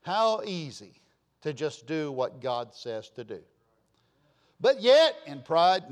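A man with a high voice preaches a sermon from the pulpit. He repeats his phrases for emphasis and swings from quiet asides to sudden loud bursts, in a folksy manner. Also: big pitch swings, slow pace. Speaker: pastor.

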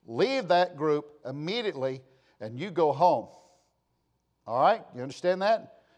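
A man's voice: fairly high pitch, very animated, unhurried, a little mellow. A male pastor giving a stern, emphatic sermon, repeating his warnings to the congregation again and again. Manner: stern, repetitive, emphatic admonishing.

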